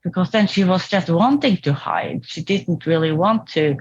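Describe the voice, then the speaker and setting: A woman as a therapy client, talking reflectively and hesitantly with restarts and soft laughs, over a video call. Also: fairly low pitch, normal speed, highs cut off. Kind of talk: therapy session talk.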